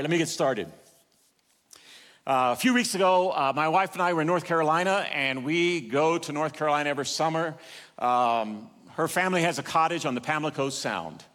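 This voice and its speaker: An older male pastor delivers a sermon in a church auditorium, his storytelling rising and falling in loudness and pace. His voice is fairly high for a man and swings widely in pitch. A long reverb trails behind him from the large hall.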